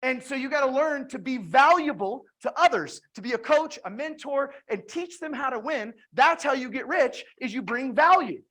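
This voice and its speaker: A woman's voice: high-pitched, normal speed, few pauses. A woman giving a motivational direct-sales talk, retelling her conversations with lots of restarts and repeated words. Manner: energetic storytelling with frequent restarts.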